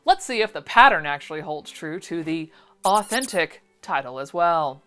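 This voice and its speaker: A woman hosting a casual vlog, reviewing sewing patterns in a sarcastic, exasperated, animated way. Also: sits low, normal speed, over music.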